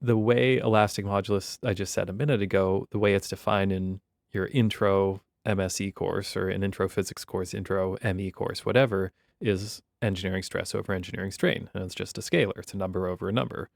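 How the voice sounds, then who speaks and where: Male university lecturer, gravelly, relaxed and wry, dry close recording. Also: low voice, a little fast, few pauses, no echo. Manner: wry, conversational explaining.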